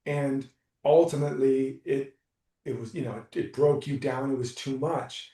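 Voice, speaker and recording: A man coaching someone through a live session, talking in a soft, reassuring, unhurried way. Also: mid-range voice, steady tone. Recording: roomy, distant from the mic.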